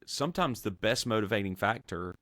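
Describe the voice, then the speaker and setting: A man, a pastor and podcast host, talking through theology in an earnest, measured way, with many fillers and restarts. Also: fairly low pitch, expressive, a bit bright, no room sound, clean studio sound. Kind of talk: conversational theology discussion.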